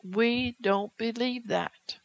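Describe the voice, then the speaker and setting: Gravelly fervent preacher, dry sound. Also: medium pitch, takes it slowly, no room sound, poor audio. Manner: fervent, exhorting, rhetorical questions; reads scripture aloud. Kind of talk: sermon.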